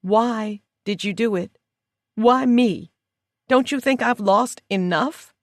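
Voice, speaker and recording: A woman's voice: a little high, slow, no echo, studio quality, voice pushed up. A woman voicing a young woman jailed for life, angry and raised as she pleads and accuses. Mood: pleading.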